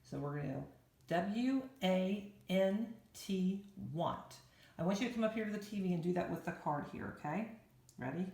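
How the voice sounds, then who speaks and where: A woman teacher giving a reading lesson to young children, spelling words out slowly and clearly. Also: lowish voice, animated, mellow, reverberant. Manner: slow, clear spelling out of letters for young learners.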